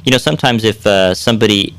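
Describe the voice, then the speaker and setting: Smooth low-voiced male radio doctor. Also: quick pace, fairly bright tone. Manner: easygoing, chuckling, rambling with fillers. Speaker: radio health show co-host, doctor. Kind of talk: casual radio chat. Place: radio studio. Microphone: studio mic.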